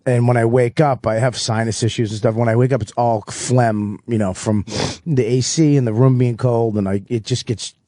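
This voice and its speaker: A man's voice: steady tone, moderate pace, hardly any pauses, mellow, no echo, clean studio sound. A man in his forties, a comedian in casual radio chat, rambling and swearing, with a smoker's cough. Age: 40s. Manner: rambling, profane, mimics voices in high falsetto.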